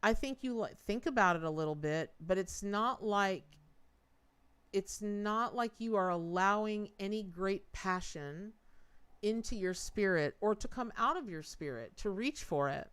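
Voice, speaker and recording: A woman's voice: medium pitch, lively intonation, a little slow, fairly bright tone, smooth. A woman giving a tarot reading on a live stream, chatty, repeating words for emphasis and talking straight to her viewers. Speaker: tarot reader.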